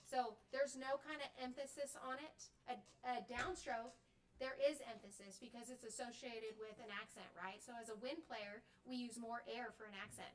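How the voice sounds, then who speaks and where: A woman's voice: a little high, steady tone, normal speed, far from the mic. A middle-aged woman leading a live workshop demonstration, explaining step by step and checking in with "okay?" and "right?" after each point. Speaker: clinician teaching band directors. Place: workshop room. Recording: voice from off the mic.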